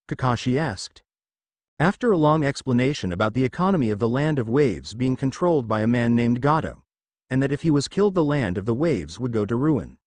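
Man reading a story aloud, lively pitch. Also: moderate pace, no room sound. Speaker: narrator. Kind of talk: reading fan fiction aloud.

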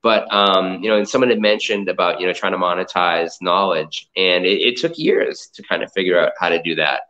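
A man from the Boston area talks in a fairly low voice, winding through stories with plenty of "like" and "you know" as he goes. The sound is dull and lo-fi, as if it came over a video call. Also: a little fast, sharp tone. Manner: rambling, filler-heavy storytelling. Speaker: guest, comic art collector and entrepreneur. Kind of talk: casual interview chat. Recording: dull lo-fi audio.

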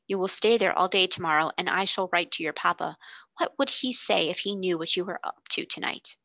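Harsh storybook headmistress, commanding and scornful, bright crisp tone, read by a woman. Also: lowish voice, fairly quick, dry recording. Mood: furious. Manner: cold, cutting, commanding. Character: stern, furious woman headmistress.

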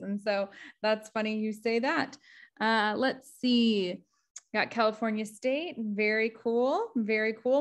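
A young woman from Wisconsin presents to an online audience over a video call. Her voice sits a little high, and she talks in a loose, friendly way with frequent ums and uhs. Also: fairly bright tone. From Wisconsin, USA. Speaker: guest presenter. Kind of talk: casual webinar presentation.

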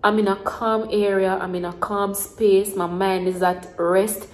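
A woman's voice: medium pitch, little pitch movement, unhurried, echoey room, low-quality recording. A Jamaican woman in her twenties rambling in casual mukbang chat to the camera, repeating herself in Creole phrasing. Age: 20s. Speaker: vlogger.

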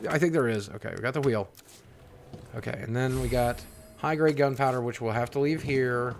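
Faint music plays behind a young man hosting a horror game let's play, who swears, panics, jumps and keeps repeating himself. His mid-range voice is gravelly with a darkish tone, and he talks briskly.

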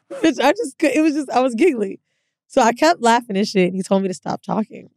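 This young woman co-hosts a podcast, her voice a little high and her speed normal, with no echo around her. She's candid and animated in casual chat, telling a story and voicing the lines people said.

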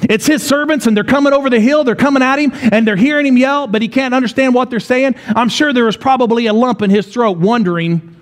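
High-voiced pastor in his forties. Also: fairly quick. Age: 40s. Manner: storytelling, repetitive, rhetorical questions. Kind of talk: sermon. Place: church.

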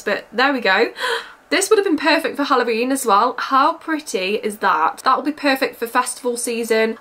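A young woman, a beauty vlogger, chatting excitedly through an unboxing and gushing over every item. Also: a little high. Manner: gushing, bubbly, repeats how excited she is.

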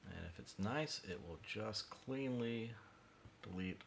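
Low mumbling man livestreaming CAD work. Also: expressive, slow pace, gravelly, slight background noise. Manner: mumbly, drifts quiet when concentrating. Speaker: livestreaming maker doing CAD design. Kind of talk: thinking-aloud livestream narration.

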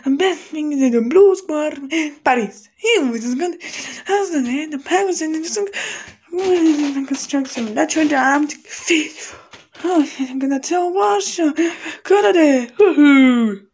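A woman voicing every character of a homemade cartoon, excitable and broken in her phrasing, jumping between squeaky highs and gruff lows. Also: measured pace. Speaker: fan animator voicing all characters.

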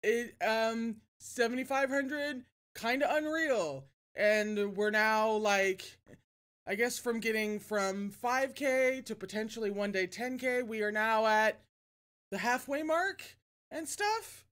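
Woman host, slow unhurried talk, chatty and self-deprecating, reads a novel on stream. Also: a little high, fairly bright tone. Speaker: channel host reading a novel aloud. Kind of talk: casual livestream reading.

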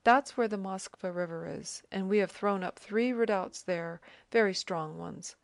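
A woman's voice: medium pitch, a little slow, gravelly, dry recording. A woman reading the lines of a self-assured male army officer who eagerly explains and points things out, in an audiobook. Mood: explaining.

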